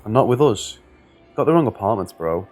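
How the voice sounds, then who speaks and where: A man's voice: on the low side, animated, a little fast, a little mellow, breathy edge, soft background music. A man voicing a laid-back young male neighbour who talks casually.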